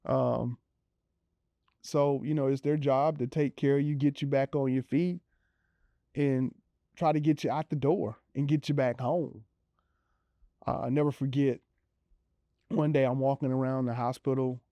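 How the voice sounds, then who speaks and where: A man's voice: mid-range voice, dark tone, no room sound. Male storyteller, casual and chatty, acts out quotes; dry, dull recording. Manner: conversational, many fillers, acts out quoted voices. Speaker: interviewee telling his recovery story. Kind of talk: personal storytelling.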